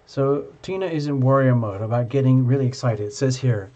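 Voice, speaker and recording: A man hosting a live tarot reading, chatty and playful, reading the card texts aloud slowly. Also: mid-range voice, dark tone. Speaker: tarot reader.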